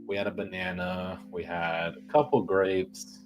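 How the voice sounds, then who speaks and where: A man's voice: deep voice, level tone, a little slow, over music. A young man chatting casually on a livestream, rambling and joking with plenty of profanity.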